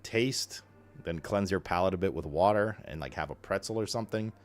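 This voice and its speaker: A man's voice: deep voice, a little fast. A young man chatting casually with his stream viewers, rambling with lots of fillers and slang.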